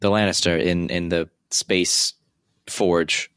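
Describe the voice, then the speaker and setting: A young man with a low, deep voice chats hesitantly about a movie, stopping often to search for words. His voice is recorded dry, with no room sound. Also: steady tone, fairly bright tone, smooth, dry recording. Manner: hesitant, halting, frequent fillers. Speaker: podcast co-host. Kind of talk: casual movie review chat.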